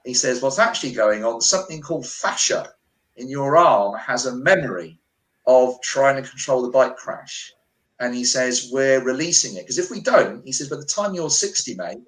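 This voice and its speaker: Animated British man telling a story. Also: medium pitch. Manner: animated, acts out quoted dialogue. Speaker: guest healer. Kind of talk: storytelling interview. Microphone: remote call. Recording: echoey room on a call.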